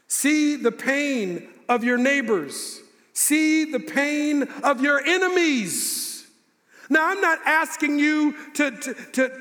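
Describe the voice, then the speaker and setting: A man with a very high voice preaching to a congregation, leaning into slow, emphatic repetition. His words ring out with a long reverb from a large church sanctuary. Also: a bit bright. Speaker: pastor. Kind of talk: sermon.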